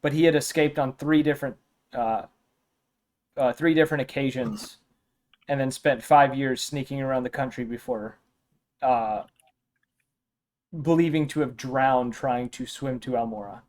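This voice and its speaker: A man's voice: medium pitch, moderate pace, long pauses, darkish tone. A man narrating as dungeon master in a tabletop role-playing game, describing characters with frequent fillers.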